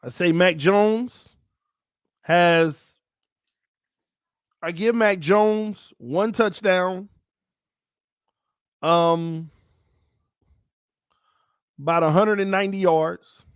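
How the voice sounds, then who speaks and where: Excitable high-voiced man talking sports. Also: extremely slow, pauses often, clear, resonant tone, no room sound, clean studio sound. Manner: playful, excitable, swings between calm and shouting. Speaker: sports channel host. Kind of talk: casual fan commentary to viewers.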